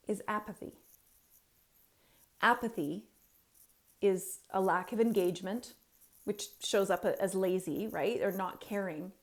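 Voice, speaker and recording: Slow, earnest woman pleading with parents. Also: medium pitch, darkish tone. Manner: earnest, pleading, emphatic pauses. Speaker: parenting coach. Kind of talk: heartfelt advice monologue to parents.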